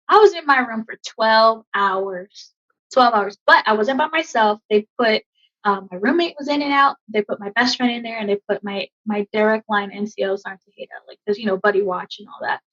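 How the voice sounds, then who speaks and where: In a podcast interview, a woman army veteran in her thirties shares a personal story, emotional and halting and full of fillers. Her voice is medium-pitched and a bit bright, on a dull lo-fi recording.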